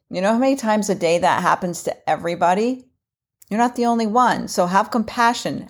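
Middle-aged woman hosting a podcast solo, earnest and repeats herself a lot, lowish voice. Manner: earnest, repetitive, self-reflective. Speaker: podcast host. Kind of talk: casual solo podcast talk.

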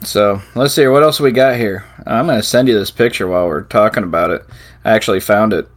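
A man's voice: on the low side, a little fast. A middle-aged man co-hosting a casual chat, telling loose stories and laughing often. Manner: laughs often, rambling storyteller. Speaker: podcast co-host.

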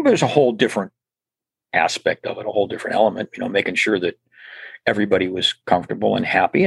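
A man's voice: fairly low pitch, gravelly, slightly rough, dry recording. An older man, a podcast guest, telling stories in a rambling, casual way full of restarts and asides. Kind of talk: casual storytelling interview.

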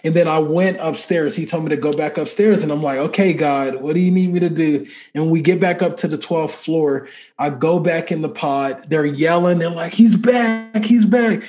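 A man in a casual interview, telling a personal faith story in an animated, conversational way and acting out the dialogue. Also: a little high, a little fast. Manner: conversational filler-heavy speech. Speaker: podcast guest.

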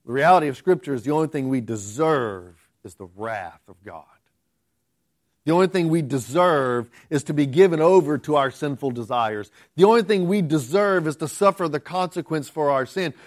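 A man's voice: fairly high pitch, animated, normal speed. A man preaching a conversational sermon, often restarting phrases and rising to emphatic outbursts. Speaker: pastor.

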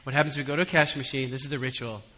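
Speaking at a racing pace in a mid-range voice, this male pastor sounds bright and forward as he preaches. His sermon alternates between easygoing stories with funny asides and loud, emphatic appeals to the room, all echoing with a long church-hall reverb.

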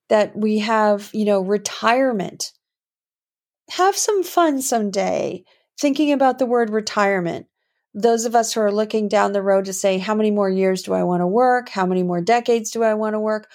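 A woman muses aloud in a reflective solo monologue. She rambles gently, trailing off and restarting her thoughts as she goes. Her voice sits at an ordinary middle pitch. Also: a little slow. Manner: rambling, musing, with many fillers and restarts. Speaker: podcast host and healing coach.

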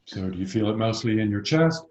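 A man working as a voice coach, calmly explaining breathing and resonance with slow, measured pauses. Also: on the low side, echoey room, lo-fi sound, a little hiss or hum. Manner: calm, explains slowly with pauses. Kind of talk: expert advice in a conversation.

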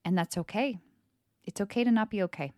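A woman in her thirties hosting a spiritual self-help podcast, talking candidly and with a lot of swearing, acting out her own past words in lively voices. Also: mid-range voice, fairly quick, no room sound, studio quality. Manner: candid, profane and animated, quoting herself in lively voices. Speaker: podcast host.

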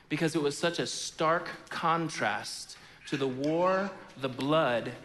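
A man preaching a sermon as pastor in a church sanctuary, in a conversational, animated way with frequent fillers. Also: a little high, big-room sound, slight background noise.

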